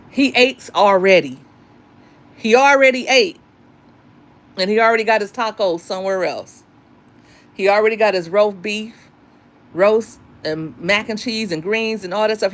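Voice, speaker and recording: A middle-aged woman and single mother talking candidly and emphatically about dating and raising daughters, in a casual monologue. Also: medium pitch.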